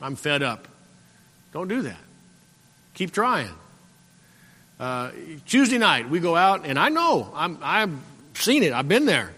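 A man preaching a sermon as pastor, exhorting and repeating himself, often clearing his throat and calling out for an amen. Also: sits high, sing-song, unhurried, pauses often, pushed and bright. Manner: repetitive, exhorting, calls out "Amen?". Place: church sanctuary. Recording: long church-hall reverb.

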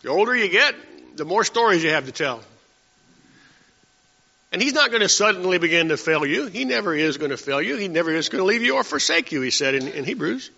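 A man's voice: high voice, sing-song, a little fast, vocal fry, bright, forceful tone. A man preaching a conversational sermon, teaching from scripture and asking his listeners rhetorical questions. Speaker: pastor. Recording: dull sound with long hall reverb.

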